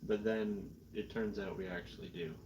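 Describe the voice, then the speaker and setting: A man's voice: low-pitched, fairly even intonation, normal speed, lo-fi sound, noisy background. A Canadian man chatting in a rambling, self-mocking way while painting miniatures on a stream, a little tipsy. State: tipsy from drinking. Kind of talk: casual chat while painting.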